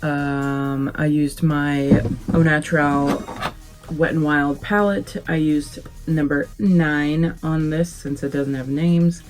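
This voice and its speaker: A young adult woman chatting casually through a makeup tutorial, relaxed and rambling with many fillers. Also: low-pitched. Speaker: beauty vlogger.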